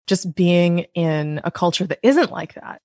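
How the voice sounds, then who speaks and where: Woman, late thirties, lowish voice, chatty and animated, dry close sound. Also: measured pace, dry recording. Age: 30s. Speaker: podcast guest. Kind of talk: casual interview chat. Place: Maui, Hawaii.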